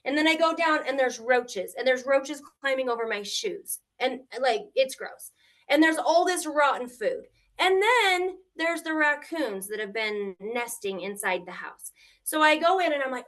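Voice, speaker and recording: A middle-aged woman, a grandmother, telling her story as a guest on a live stream, animated and emotional, acting out what people said. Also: sits high, moderate pace. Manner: animated, tearful at times, quotes people in shifting voices.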